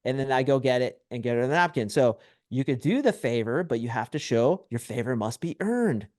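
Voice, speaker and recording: Brash, animated man coaching on dating. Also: mid-range voice, a little fast, no room sound, clean studio sound. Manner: brash, animated storytelling with acted quotes. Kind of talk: podcast interview.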